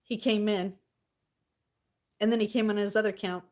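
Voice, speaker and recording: A woman's voice: medium pitch, fairly even intonation, normal speed. A giggly young woman chats casually on her livestream. She laughs often as she talks and greets her viewers one by one by name. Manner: giggly, laughs often, reads out chat names. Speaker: live streamer.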